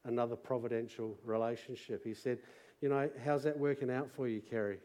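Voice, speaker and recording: A middle-aged Australian man preaching to a church congregation, moving from quiet personal testimony to loud rallying calls. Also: medium pitch, steady tone, brisk. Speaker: pastor. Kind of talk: sermon testimony. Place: church service.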